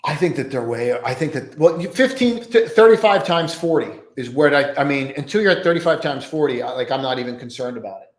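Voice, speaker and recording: Hosting a live pre-market trading stream from his home desk surrounded by monitors, a man rambles through his thoughts and trails off into mumbles. His voice is a little high, expressive and fairly quick, with few pauses, and the room gives off an echo.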